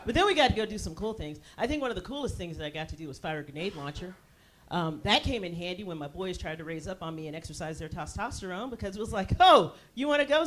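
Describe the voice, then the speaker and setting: A woman, performing a stand-up set on a theater stage, with a brassy, punchy delivery that jumps suddenly loud. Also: mid-range voice, slight background noise. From United States. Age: 40s. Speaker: stand-up comedian.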